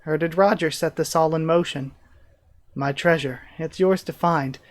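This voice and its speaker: A man hosting a live manga reaction, reading panels aloud and commenting excitedly. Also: on the high side, moderate pace. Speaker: reaction channel host.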